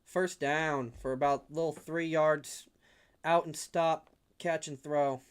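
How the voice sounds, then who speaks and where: Slow-paced and smooth with a fairly high, steady voice, a young man offers casual fan play-by-play on a livestream from his room at home. He tends to ramble, getting worked up and shouting at big hits.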